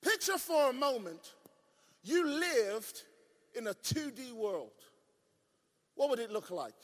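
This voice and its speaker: Male preacher, very high and sharp-toned, shouts then drops low, quizzes the audience, recorded with long reverb in a hall. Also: sing-song. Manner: swings from shouted declarations to low, drawn-out asides; asks the audience questions and leans on repetition. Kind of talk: sermon.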